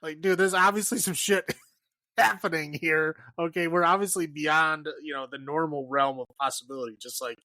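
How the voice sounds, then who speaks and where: Bright-sounding guy riffing on a movie, swears a lot and keeps laughing, super dry mic. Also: a little high, fairly even intonation, moderate pace, no room sound. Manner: loose and profane, laughs often, many "like" fillers. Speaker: podcast co-host. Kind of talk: casual movie review chat.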